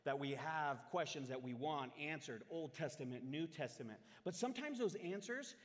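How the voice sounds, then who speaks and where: A man preaching a sermon to a congregation, swinging from loud, dramatic scripture readings to quiet, reflective asides. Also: a little high, animated, moderate pace. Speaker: pastor. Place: church hall. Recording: long hall reverb. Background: congregation in the room.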